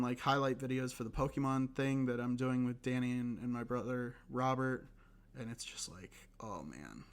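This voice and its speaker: A hoarse young man hosting a casual solo podcast, rambling and self-deprecating with lots of fillers and restarts. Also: medium pitch, fairly bright tone. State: hoarse, recovering voice. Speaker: podcast host.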